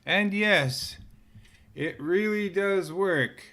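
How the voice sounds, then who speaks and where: A man hosting a live stream in relaxed, chuckling casual chat. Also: sits high, extremely slow. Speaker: host.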